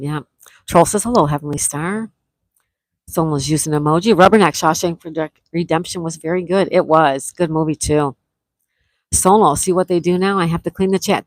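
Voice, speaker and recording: A woman's voice: sits low, no echo, poor audio. A middle-aged woman from Florida hosting a casual livestream, chatting and reading viewers' comments aloud, greeting each by name. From Florida, USA. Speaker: livestream host.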